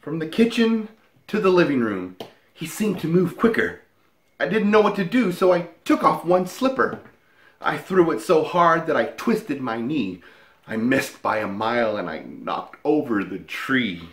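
A man's voice: on the high side, a little slow, reverberant. Man telling a playful rhyming tale. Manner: lively, playful sing-song reading. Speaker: woodworking video maker. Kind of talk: rhyming story narration.

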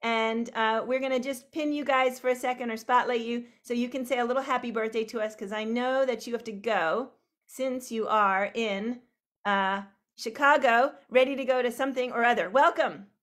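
Bubbly high-voiced woman host. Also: steady tone, moderate pace, fairly bright tone. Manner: bubbly, rambling, laughing. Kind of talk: greeting online viewers by name. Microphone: video call.

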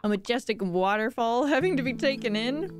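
A woman voicing a feisty, sharp-tongued tiny girl while reading game dialogue aloud. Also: on the high side, animated, brisk, music in the background, close to an everyday voice. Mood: mocking.

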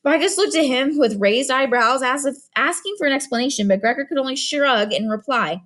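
A woman narrating an audiobook in an expressive storytelling manner, doing voices for each character. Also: high-pitched, brisk.

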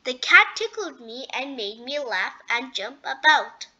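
A woman's voice: sits high, big pitch swings, a little slow, bright, forceful tone, muffled recording, heavily acted. A woman voicing a sleepy, ticklish male donkey in a storybook. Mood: giggly. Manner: giggly, drowsy.

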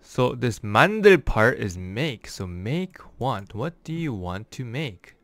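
A man giving a casual language lesson, explaining phrases word by word and slowing down for examples. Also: mid-range voice, sing-song. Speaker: language teacher.

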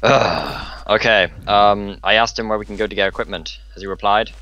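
A man's voice: on the low side, normal speed, bright, forceful tone, no echo, highs cut off. A man playing a game with friends, talking in a hesitant, mumbling way full of fillers. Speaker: player. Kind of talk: casual gaming chat.

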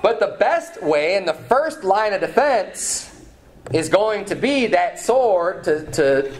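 Man preaching a sermon, raised pitch. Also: big pitch swings, slow, slight background noise. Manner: preaching with fillers and restarts, reads scripture aloud. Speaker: pastor. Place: church sanctuary.

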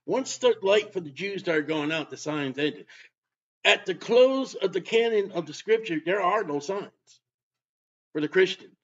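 A man preaching a sermon, emphatic, with bursts of loud delivery. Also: high-pitched, expressive, a little slow. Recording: dull lo-fi sound.

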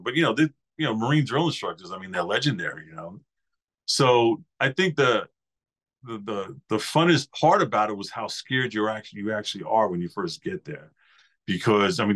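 A New York man in his fifties, guesting on a podcast, tells easygoing, rambling anecdotes about his years as a Marine in casual interview style. His voice is lowish and a bit bright.

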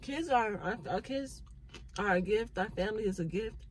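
A woman's voice: medium pitch, expressive, normal speed, slight background noise, poor audio. A middle-aged woman, a mother, sharing an earnest faith-based reflection, repeating phrases for emphasis and holding back tears. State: near tears. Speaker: vlogger.

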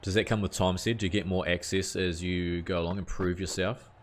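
A man's voice: deep voice, fairly even intonation, a little fast. A young man chatting casually to viewers on a live game stream, easygoing and full of questions. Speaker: gaming streamer.

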